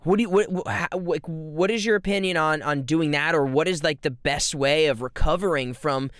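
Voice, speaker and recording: A man's voice: a little high, normal speed, fairly bright tone, smooth, no echo, studio quality. A man hosting a podcast, telling a story and asking a rambling question. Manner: rambling, lots of restarts and self-corrections. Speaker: podcast host. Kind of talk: podcast interview.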